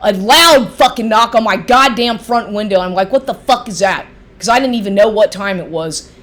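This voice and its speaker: A woman's voice: medium pitch, moderate pace, a bit bright. A middle-aged woman ranting angrily into the camera, profane, heated and sarcastic, mocking the man she addresses. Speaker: vlogger. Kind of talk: angry ranting monologue.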